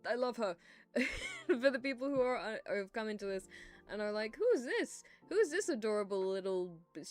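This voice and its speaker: Giggly rambling young woman streamer. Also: on the high side. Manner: rambling, giggly, swears freely. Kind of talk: casual livestream chat while drawing.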